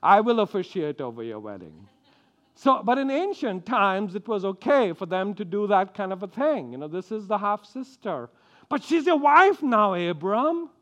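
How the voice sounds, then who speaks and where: A man from India preaches with a lively, swooping delivery, his voice sitting high for a man. He acts out quotes and often stumbles and repeats words as he presses a point. His tone is animated and conversational. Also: moderate pace, muffled recording. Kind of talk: sermon.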